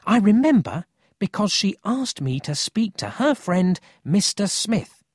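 A high, pleading boy's voice rises and falls in wide swings, earnest and insistent. A man puts it on with a husky, close, dry sound and an unhurried delivery. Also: big pitch swings, dry recording, full character voice. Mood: upset, insistent. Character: boy, upset and insistent.

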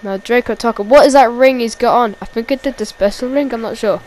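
An excited woman does amateur play-by-play commentary on wrestling, repeating every call and shouting during the big moves. Her voice is a little high and fairly quick, and the recording is rough.

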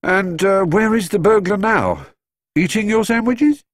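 A man's voice: high-pitched, a little slow, no room sound, clean studio sound, voice pushed up. A man voicing a bemused policeman who humours a young bear in a storybook reading. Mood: humouring.

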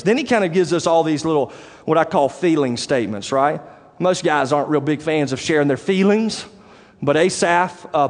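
High-voiced pastor preaching in a church. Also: male voice. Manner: animated, conversational preaching with direct questions to the congregation. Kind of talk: sermon. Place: church sanctuary. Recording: long church reverb.

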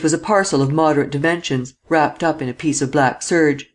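Man reading an old detective novel aloud, steady and even, slightly higher voice. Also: a little fast. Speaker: audiobook narrator. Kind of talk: scripted narration.

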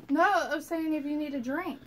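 A woman's voice: sits high, a little fast, a little hiss or hum, rough recording. A woman filming at home, chatting casually and teasing while she laughs often. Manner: giggly, teasing. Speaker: vlogger filming. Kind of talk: casual off-camera chat.

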